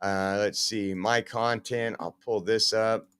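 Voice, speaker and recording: A man's voice: lowish voice, fairly even intonation, takes it slowly, a bit bright, a little hiss or hum. A man hosting a podcast, giving emphatic, sarcastic, rambling commentary. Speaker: podcast host. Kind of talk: opinionated commentary.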